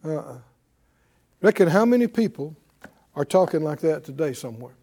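Animated high-voiced male preacher. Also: normal speed. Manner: animated preaching, reading scripture aloud with rising emphasis; leads call-and-response with the congregation. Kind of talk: sermon.

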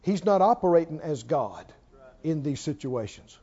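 A man's voice: a little high, very animated, moderate pace, warm tone, slightly rough. A man preaching a sermon, emphatic, firing rhetorical questions at his listeners and drawing out key words for emphasis. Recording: reverberant, dull lo-fi church recording.

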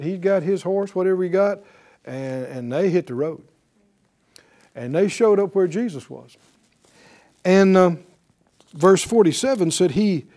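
Man preaching, high lively voice, acts out the people in the story, asks the room questions. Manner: animated, acts out quoted voices, rhetorical questions. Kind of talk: sermon.

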